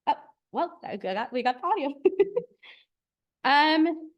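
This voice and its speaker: Higher-voiced young woman presenting research. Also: lively intonation. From United States. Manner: explanatory, with frequent filler pauses. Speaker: graduate student presenter.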